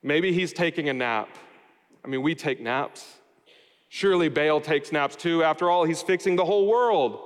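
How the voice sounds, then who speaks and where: A man's voice: fairly high pitch, normal speed. A man preaching a sermon, explaining a scripture passage verse by verse and adding wry everyday asides. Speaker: pastor. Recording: long hall reverb.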